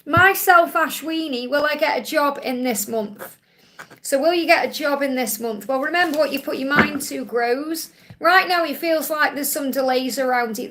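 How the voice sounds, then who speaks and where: A woman's voice: sits high, fairly bright tone. A woman hosting a live Q&A stream, doing tarot readings in a soothing, reassuring way and repeating her key phrases.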